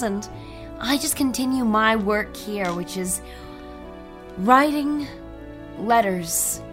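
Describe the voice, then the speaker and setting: A woman's voice: fairly high pitch, fairly bright tone. A woman voicing a dreamy, pen-obsessed woman musing in a confessional.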